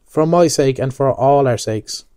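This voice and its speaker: A man reading aloud and voicing a boisterous, mocking young man with a loud, theatrical delivery. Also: medium pitch, a little slow, smooth, no echo, natural voice.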